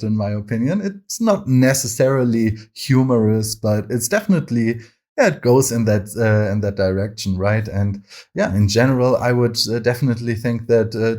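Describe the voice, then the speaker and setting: A man, explaining his culture in a thoughtful, measured, good-humored way. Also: mid-range voice, a little mellow. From Germany. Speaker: interviewed guest. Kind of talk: casual explanation to camera.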